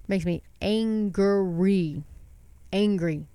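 Middle-aged woman host, stuffy with a cold, smooth clear voice, dry close sound, fervent preachy commentary. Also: fairly low pitch, takes it slowly, dark tone, no echo. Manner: impassioned, talks to her viewers as "folks", rhetorical questions. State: congested from a sinus cold. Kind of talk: preachy casual commentary, reading news aloud.

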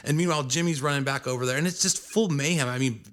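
Male guest, bright voice, casual amused storyteller. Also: on the high side, fast talker. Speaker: band member guest. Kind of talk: storytelling interview.

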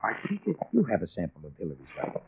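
Brisk, low-voiced probing investigator. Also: male voice, huge pitch swings, gravelly, full character voice. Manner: measured, pressing questioner. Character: calm, probing police investigator. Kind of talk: 1940s radio acting. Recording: tinny old radio broadcast with faint hiss.

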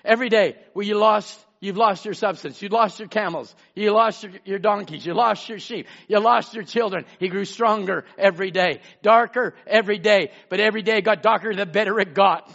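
A man preaching a sermon as pastor, swinging between emphatic shouts and hushed asides and calling out listeners by name. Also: high-pitched, fairly quick, vocal fry, few pauses. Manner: calls out congregation members by name. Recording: dull lo-fi sermon recording.

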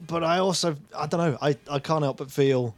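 Co-host, man, slightly high voice, dry close sound, wry and hesitant. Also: fairly quick, no room sound, soft background music. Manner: musing, hedging, wry. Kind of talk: casual comedic chat.

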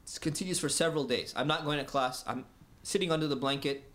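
A man from the United States telling a story in a casual, animated way, laughing often and acting out the dialogue. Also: a little high, quick pace.

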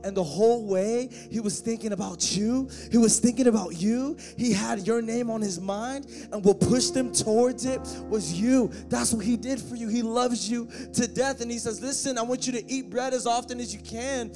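A man preaching a sermon, joking with the congregation and swelling into shouted, half-sung passages. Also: very high-pitched, normal speed, few pauses. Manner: joking asides to the band and congregation. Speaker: pastor. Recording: faint music behind.

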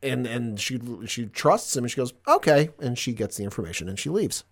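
A man's voice: medium pitch, expressive, a little fast, slightly rough. A man co-hosting a podcast in casual chat, animatedly retelling a show plot. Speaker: podcast co-host.

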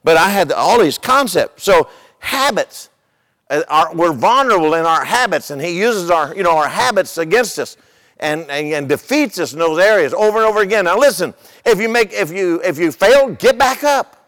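A man's voice: high-pitched, expressive, normal speed, a bit bright, big-room sound. An older man, a pastor, preaching a sermon in a conversational way, repeating his words and telling humorous stories.

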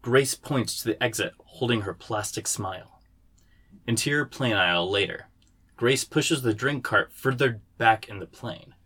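A man, the writer, reading the stage directions of his screenplay aloud in a steady way. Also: mid-range voice, a little slow, slightly rough.

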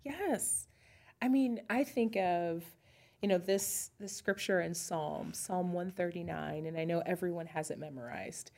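A woman's voice: lowish voice, measured pace, warm tone. A woman pastor co-hosting a podcast, talking through ideas in a thoughtful, searching way and often restarting her sentences. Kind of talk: casual faith chat.

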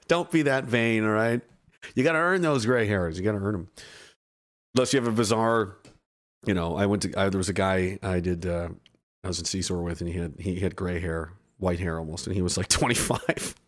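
A man's voice: low voice, moderate pace. A man in his thirties hosting a casual livestream, reading chat and ranting in a sarcastic, mocking way. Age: 30s.

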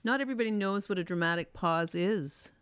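Woman, interview host, smooth clear voice, dry close sound, encouraging, laughs along. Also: on the low side, a little fast, a bit bright, no echo. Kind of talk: casual interview chat.

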